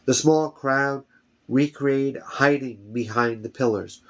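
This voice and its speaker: A man reading a fantasy novel aloud at home, steady with small slips and corrections. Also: mid-range voice, takes it slowly, highs cut off. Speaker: reader.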